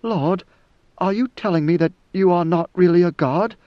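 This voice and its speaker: A devoted young woman speaks faintly and hesitantly, with fear under her words, as a male reader puts her on. The voice is raised in pitch and has a dull, lo-fi sound. The recording is dry. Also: moderate pace, dry recording, close to an everyday voice. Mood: fearful. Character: young woman, devoted, fearful, softly spoken.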